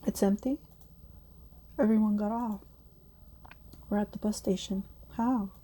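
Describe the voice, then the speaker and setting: A woman's voice: mid-range voice, fairly even intonation, measured pace, warm tone. A woman playing a game and reading its dialogue aloud in an anxious, confused tone. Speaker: let's play gamer.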